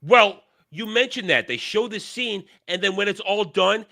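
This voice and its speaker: A man hosts a casual podcast chat and rants bluntly, swearing freely. His voice sits fairly high and sounds very bright and forceful. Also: animated, moderate pace, creaky, hardly any pauses. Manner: blunt, profane ranting. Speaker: show host.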